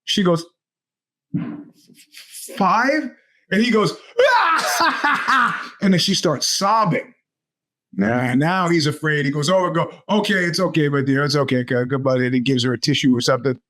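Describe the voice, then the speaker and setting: A man's voice: a little high, fairly bright tone. A middle-aged man, hosting a podcast and telling stories in a rambling, casual way, full of restarts. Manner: rambling storyteller with many restarts and fillers. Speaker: podcast host. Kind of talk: casual monologue.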